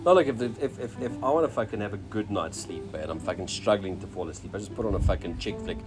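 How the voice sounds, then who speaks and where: A man's voice: fairly low pitch, fast talker, over music. A man with a South African accent trading crude, swear-filled banter in a casual chat, ending lines with "eh?". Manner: swears constantly, tags lines with "eh?".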